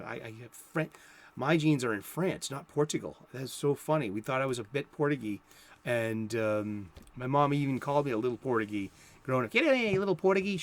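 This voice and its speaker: A middle-aged man from South Boston with a Boston accent, chatting casually as a comic book show host, rambling and often breaking off mid-sentence. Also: medium pitch. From South Boston, USA. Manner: rambling, self-interrupting, chatty.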